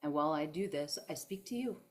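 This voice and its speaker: A woman who works as a spiritual self-help speaker gives a heartfelt motivational talk on self-love, emphatic, emotional, and preachy, often saying "y'all." Her expressive voice sits low and moves at a quick pace.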